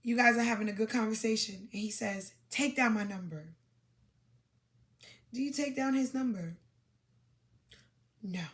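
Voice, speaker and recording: A woman's voice: fairly high pitch, normal speed, long pauses. A woman from Brooklyn, hosting a podcast and giving chatty, emphatic dating advice with dramatic asides. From Brooklyn, New York. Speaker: podcast host. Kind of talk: casual advice monologue.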